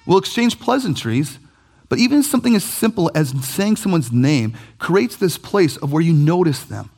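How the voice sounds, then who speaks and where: Animated man preaching. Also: fairly high pitch, normal speed. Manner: animated, conversational, jokey asides. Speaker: pastor. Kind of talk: sermon.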